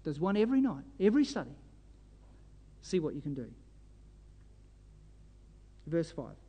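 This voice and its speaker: A man's voice: fairly high pitch, very animated, a little slow, warm tone, husky. A man preaching a sermon, exhorting his listeners fervently and pressing them with rhetorical questions. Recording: long reverb of a hall.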